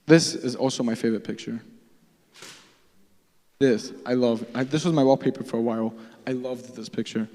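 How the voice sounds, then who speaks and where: A man's voice: mid-range voice, steady tone, normal speed, long pauses, dark tone. Young man preaching casually in a church hall. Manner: conversational, acts out prayers in a pleading voice. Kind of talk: casual sermon. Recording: church hall live stream with long reverb.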